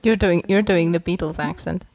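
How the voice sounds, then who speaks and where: A woman's voice: lowish voice, normal speed, darkish tone, muffled recording, slight background noise. Teasing woman co-host. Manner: teasing, playful. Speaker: podcast co-host. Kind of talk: casual chat.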